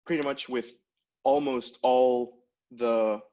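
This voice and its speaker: A man's voice: medium pitch, fairly even intonation, slow, warm tone, highs cut off. A man giving a conference tech talk in a casual style, with many fillers and restarts. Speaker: conference speaker.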